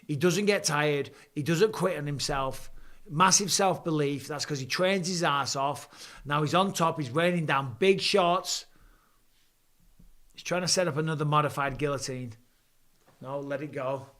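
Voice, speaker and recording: Excitable man calling a fight. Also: fairly high pitch, unhurried. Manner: excitable, rising for big moments. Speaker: host. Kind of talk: live fight commentary and chat.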